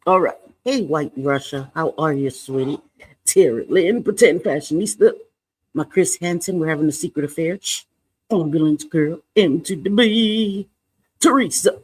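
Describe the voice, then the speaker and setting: A middle-aged man with a notably high voice chats casually on a livestream. He talks playfully, laughs a lot and swears lightly as he greets people. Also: breathy edge. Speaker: livestream co-host.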